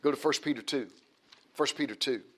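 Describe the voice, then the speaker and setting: A man's voice: medium pitch, fairly quick, fairly bright tone. A man preaching a sermon, emphatic and repetitive, often restarting his phrases.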